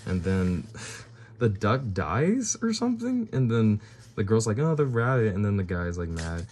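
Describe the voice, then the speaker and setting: A man's voice: fairly low pitch, sing-song, unhurried, a little mellow, a little hiss or hum. A young man leafing through an old sketchbook and commenting casually for his video, with bewildered reactions and fillers as he goes. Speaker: video creator.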